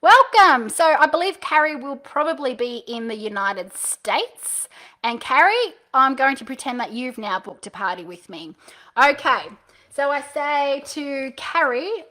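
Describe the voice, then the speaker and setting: Bright, high-voiced upbeat female sales coach. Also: a little slow. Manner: upbeat, animated coaching with playful role-play. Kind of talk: live-streamed sales training.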